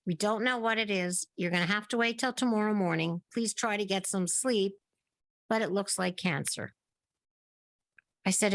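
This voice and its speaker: Middle-aged woman guest, long-form storyteller, acts out remembered dialogue, medium pitch, dry close sound. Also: moderate pace, dry recording. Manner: narrates at length, acting out remembered dialogue. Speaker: podcast guest. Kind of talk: casual interview storytelling.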